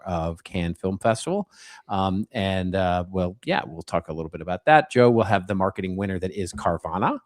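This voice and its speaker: A man's voice: fairly low pitch, darkish tone, no room sound, studio quality. A man co-hosting a podcast, chatting casually, joking and laughing easily. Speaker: podcast co-host.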